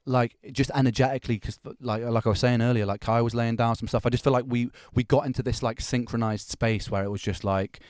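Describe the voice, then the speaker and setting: A man's voice: mid-range voice, fairly even intonation, fairly quick, hardly any pauses, a little mellow, no room sound, clean studio sound. A man, a musician, chatting casually about his album in a rambling way full of restarts. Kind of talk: casual reaction chat.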